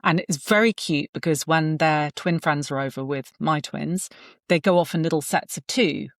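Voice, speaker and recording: A woman's voice: low-pitched, normal speed, no room sound, clean studio sound. A woman in her forties, a guest, telling candid parenting stories in conversation and acting out the voices she quotes. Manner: animated, acts out quoted voices. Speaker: guest, surgeon and author.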